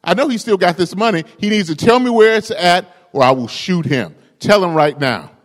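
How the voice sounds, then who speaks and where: Pushy texas ranger barking orders, a preacher doing the voice, higher and louder, big reverb. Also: male voice, lively intonation, moderate pace, natural voice. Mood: demanding. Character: hard-nosed male Texas Ranger lawman, demanding.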